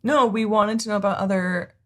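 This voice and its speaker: A woman's voice: medium pitch, fairly even intonation, a little fast. A woman co-hosting a reaction video, chatting casually and teasing with a giggly manner. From United States. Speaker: reaction channel co-host.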